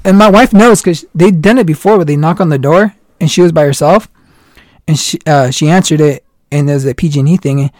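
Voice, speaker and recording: A man's voice: fairly high pitch, fairly quick, no echo, clean studio sound. A man in his thirties telling stories in casual chat, acting out the people he quotes. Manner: animated storyteller, acts out quoted lines. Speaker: guest.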